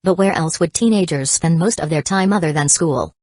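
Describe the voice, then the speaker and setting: A woman narrating an audiobook in an even, unhurried reading with uneven pauses. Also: on the low side, dry recording.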